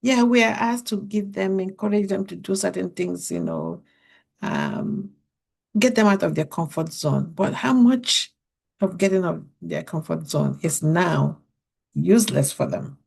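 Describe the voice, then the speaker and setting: Earnest woman podcaster with a gravelly voice. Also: on the low side, expressive, measured pace, darkish tone. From Africa. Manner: earnest, poses many questions to listeners. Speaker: podcast host. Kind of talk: podcast monologue to parents.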